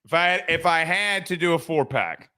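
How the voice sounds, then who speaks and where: A man's voice: a little high, animated, normal speed, bright, forceful tone, smooth. A man hosting a sports podcast, chatting loosely and reading viewer comments, with frequent restarts and casual swearing.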